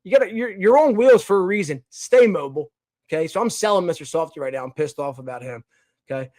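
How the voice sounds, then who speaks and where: Young guy from philly rambling on a podcast, lots of restarts, kinda high voice, dry close mic. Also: quick pace, no echo. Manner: rambling, animated, with many restarts and fillers. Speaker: podcast host. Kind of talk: casual opinion segment.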